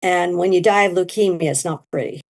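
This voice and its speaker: A middle-aged woman telling her story in an interview, animated and leaping into high quoted voices. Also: a little fast. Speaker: guest, near-death experiencer.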